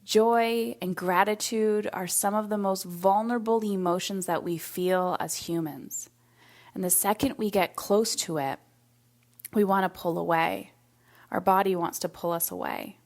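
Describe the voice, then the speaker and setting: A woman's voice: mid-range voice, a little slow, darkish tone. A woman hosting a solo podcast in a casual, reflective way, acting out the voices of people she quotes. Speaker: podcast host.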